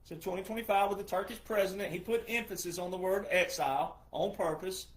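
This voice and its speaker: A retired military veteran commentator delivers an emphatic monologue packed with repetition and rhetorical questions. His voice sits high, his tone stays steady, and he speaks fairly quickly.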